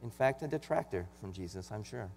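A man's voice: lowish voice, animated, fairly quick, gravelly, darkish tone. Man preaching in an echoing hall. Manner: earnest, conversational preaching with rising emphasis when reading scripture. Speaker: pastor. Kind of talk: sermon. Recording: long hall reverb with faint mains hum.

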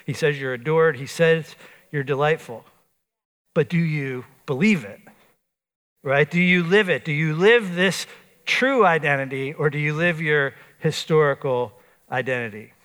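Emphatic preaching man in reverberant hall. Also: fairly high pitch. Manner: emphatic preaching, rising loud on exhortations, hushed in prayer. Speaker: pastor. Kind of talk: sermon. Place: church sanctuary. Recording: long reverb of a large hall.

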